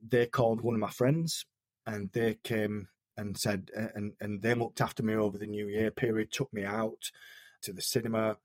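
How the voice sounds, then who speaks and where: A man from the United Kingdom, an interview guest, telling a personal story in an earnest, halting way with frequent restarts. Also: medium pitch, darkish tone, dry recording, studio quality.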